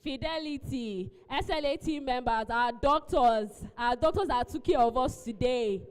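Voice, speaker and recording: Woman event host, high bright voice, keeps coaxing everyone, long hall echo. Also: unhurried, clean tone. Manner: coaxing, repeats pleas. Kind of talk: live event emcee announcements.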